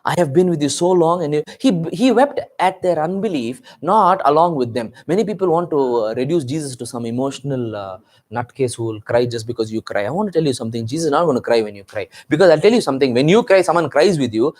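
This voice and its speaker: A man's voice: on the high side, expressive, quick pace. A man preaching a sermon to his congregation, firing off rhetorical questions and talking straight to the people in front of him. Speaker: pastor. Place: church meeting.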